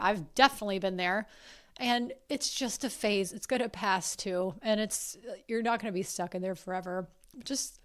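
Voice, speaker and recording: Earnest woman hosting a podcast. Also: on the high side. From South Carolina. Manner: earnest and emotional, swears casually. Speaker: podcast host. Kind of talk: casual heartfelt podcast monologue.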